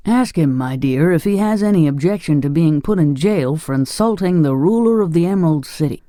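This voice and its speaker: A man's voice: on the high side, lively intonation, a little fast, dark tone, no room sound, clean studio sound, natural voice. A man voicing a fussy, lofty straw-stuffed king in an audiobook. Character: pompous but kindly straw-stuffed king. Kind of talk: audiobook character voice.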